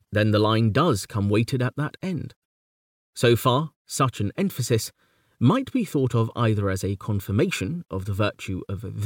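A man narrates a scripted lesson in a measured, exact manner, and his pitch rises and falls a great deal. The sound is dry and close, with no room around it. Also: no echo. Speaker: lecturer on poetry.

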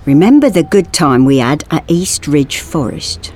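A woman voicing an anxious, earnest young man who speaks in a hushed, intense way, in a storybook reading. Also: deep voice, big pitch swings, a little slow, full character voice.

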